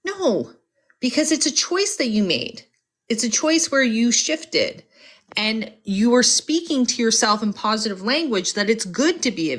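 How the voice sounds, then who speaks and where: A woman's voice: medium pitch, fairly bright tone. A woman hosting a live-stream motivational talk, upbeat and coaching, speaking straight to her viewers. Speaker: host.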